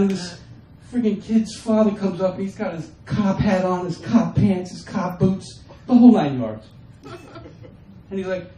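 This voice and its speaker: Comedian guy doing his set onstage, mellow voice, kinda far off the mic w/ faint room noise. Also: high-pitched. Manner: animated, acts out family members in quick bits. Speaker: stand-up comedian. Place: comedy stage before a live audience. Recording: roomy, distant mic with faint ambience.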